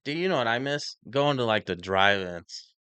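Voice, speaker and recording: A man's voice: medium pitch, expressive, normal speed, sharp tone, clean tone, no echo. A man co-hosting a podcast in casual chat, laid-back, swearing and laughing often. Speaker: podcast co-host.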